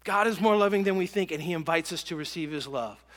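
A middle-aged man preaches a sermon in a conversational, storytelling way, with frequent fillers and restarts. His voice sits high and sounds bright and forward. The sound carries a long reverb from a large hall. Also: fast talker. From American South. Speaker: pastor.

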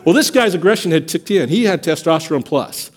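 A man preaching a sermon as pastor of a church, telling stories and acting out quotes with lively energy. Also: a little high, brisk. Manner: animated storytelling, acts out quotes. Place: church sanctuary.

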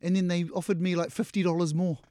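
This middle-aged actor with a New Zealand accent is a guest in an interview, spinning casual stories, acting out what people said and laughing often. His voice is high and quick. The sound is clean studio quality with no echo.

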